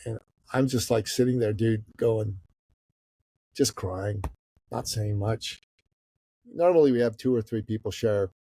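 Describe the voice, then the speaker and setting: A man's voice: fairly low pitch, measured pace, pauses often, dry recording. Middle-aged guy from iran telling a story on a podcast, acts out everyone, dry close sound. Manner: animated storyteller who acts out the people in his stories. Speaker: guest entrepreneur.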